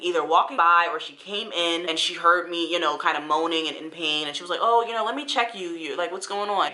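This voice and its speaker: A woman's voice: on the low side, bright, forceful tone. A woman in her thirties telling a personal story in a casual vlog, earnest and encouraging, with a faith-filled tone. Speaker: vlogger.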